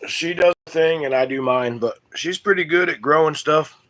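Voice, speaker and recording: A man hosting his homestead channel, chatting casually and crudely with viewers in a relaxed, rambling drawl. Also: on the high side, moderate pace. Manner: relaxed drawl with loose grammar and fillers. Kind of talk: casual livestream chat with viewers.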